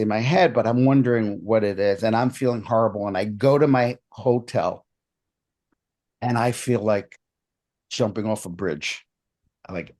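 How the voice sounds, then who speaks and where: A man on an interview show, telling a personal story in a lively way and acting out the other people's lines. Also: lowish voice. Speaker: podcast guest, hypnotist.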